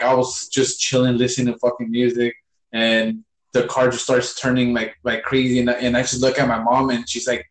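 A young man talks through a story in relaxed, slang-filled chat, full of swearing and fillers. His voice carries a clear room echo around it. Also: mid-range voice. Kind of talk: casual chat.

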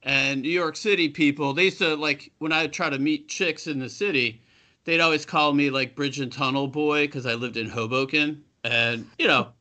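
A man in his fifties from the Buffalo area, co-hosting a podcast and telling rambling, animated stories with casual swearing. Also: fairly high pitch, normal speed. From Buffalo area, USA. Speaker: co-host.

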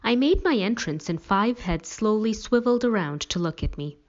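A woman's voice: medium pitch, animated, normal speed, lo-fi sound. A woman reading a first-person story in a wry, dramatic storytelling manner.

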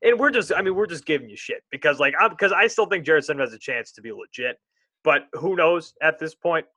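Young guy on a sports podcast, bright voice, dry close sound, kinda rambly. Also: a little high, fairly quick, no room sound. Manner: rambling, animated, self-interrupting. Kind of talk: casual sports chat.

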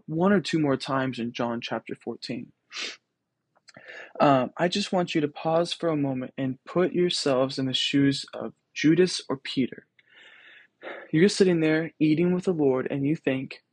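A man's voice: fairly high pitch, moderate pace, husky, no room sound. A young man hosting a podcast, reflecting on scripture in a casual, earnest way with many ums and restarts. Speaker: podcast host.

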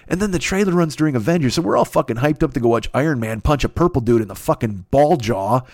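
A man from the Chicago area hosting a podcast alone in his apartment, ranting in a profane, rambling, animated way. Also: medium pitch, fast talker, no echo, clean studio sound. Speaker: podcast host. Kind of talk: solo comedic rant.

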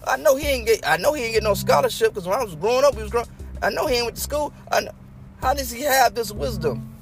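Brief: male preacher, fairly high, lively pitch, conversational sermon over faint music. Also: quick pace. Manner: folksy, conversational preaching with dialect and acted-out crowd quotes.

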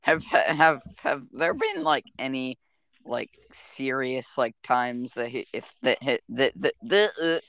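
A teenage man co-hosting a podcast in casual chat, talking haltingly with many restarts. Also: mid-range voice, animated, fairly bright tone, clean tone, dry recording. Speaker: podcast co-host.

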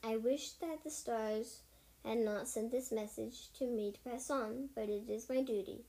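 A woman's voice: on the high side, a little slow, warm tone. Woman reading as Squirrelflight, anxious she-cat warrior. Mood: worried. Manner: plain reading voice with small slips. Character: she-cat warrior deputy, worried and proud. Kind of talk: storybook reading in first person.

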